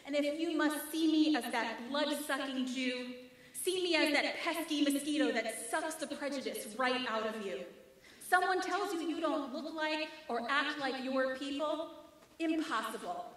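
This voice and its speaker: A woman rabbi preaches a rhythmic sermon laced with wry humor. Her voice is high and bright. It rings through a very echoey sanctuary, picked up from some distance away. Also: slight background noise. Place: large synagogue sanctuary.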